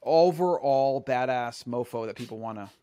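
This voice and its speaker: A man's voice: medium pitch, normal speed, warm tone, slight background noise. Boastful man telling a rambling story. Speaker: podcast host. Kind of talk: casual chat.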